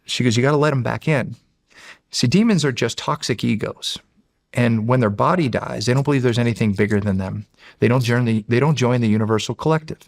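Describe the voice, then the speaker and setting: A middle-aged man from the United States, a podcast guest telling a story in a loose, rambling way. His voice is gravelly at a medium pitch, and the recording is dry and close-miked. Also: no echo. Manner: rambling, acts out quotes, repeats "he's like". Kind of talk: casual storytelling.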